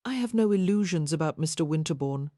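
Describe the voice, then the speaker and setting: A gentle, earnest young lady from a Victorian audiobook romance, voiced by a woman narrator. She speaks softly and sincerely in a warm, mellow tone, a little higher than the narration, with a dry close sound. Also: expressive, a little fast, no echo. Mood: tender.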